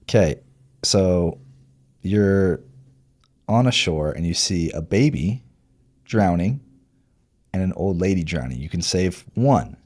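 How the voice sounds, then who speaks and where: A man in his thirties with a low voice, co-hosting a relaxed podcast chat. He teases his partner and laughs easily. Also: slow, long pauses. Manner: laughs often, playful, teasing. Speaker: podcast co-host. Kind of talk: casual chat.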